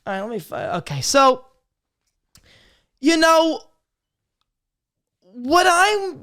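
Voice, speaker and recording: A man in his twenties hosting a casual confessional vlog, crude and swearing, swinging from loud joking greetings to quiet serious talk. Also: extremely high pitch, huge pitch swings, slow, long pauses. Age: 20s. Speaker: podcast host.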